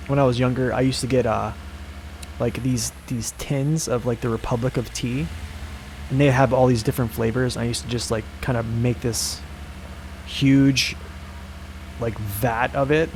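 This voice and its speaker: A man's voice: mid-range voice, fairly even intonation, normal speed, a little hiss or hum. A young American man chatting casually with his live chat as a streamer, rambling and answering questions. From United States.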